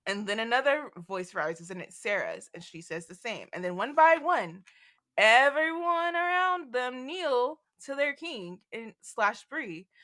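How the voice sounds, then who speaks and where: A woman co-hosting a casual podcast about a fantasy novel, animated and laughing as she reads quotes with dramatic flair. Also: a little high, a little slow. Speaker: podcast co-host. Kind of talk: casual book discussion.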